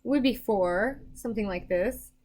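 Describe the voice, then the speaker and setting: A young adult woman giving psychic readings on a live stream, chatting casually with viewers, emotional and quick to laugh. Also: medium pitch, darkish tone. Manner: emotional, chatty, laughs often, self-deprecating.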